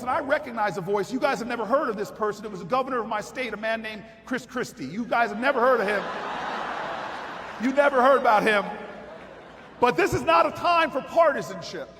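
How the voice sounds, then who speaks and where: A man's voice: extremely high pitch, slight background noise. A man giving a political convention speech, telling a dramatic story in a rally style. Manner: vivid storytelling that builds to shouted rallying cries. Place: large convention hall. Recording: long hall reverb, faint crowd ambience.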